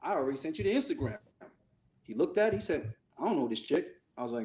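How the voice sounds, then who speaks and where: A man's voice: on the high side, very animated, fast, a little mellow. A man co-hosting a podcast, telling a story in casual chat, acting out the voices he quotes and swearing freely. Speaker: podcast co-host.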